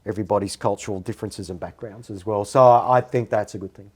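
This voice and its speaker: A man, a podcast guest telling stories in a measured, reflective way. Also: fairly low pitch, fairly even intonation, darkish tone, breathy edge. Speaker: guest, character impersonator. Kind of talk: casual podcast interview.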